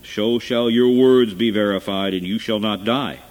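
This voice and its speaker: A man reading the part of a stern, commanding male governor in a solemn, measured way. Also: lowish voice, a little mellow, close to an everyday voice, low-quality recording.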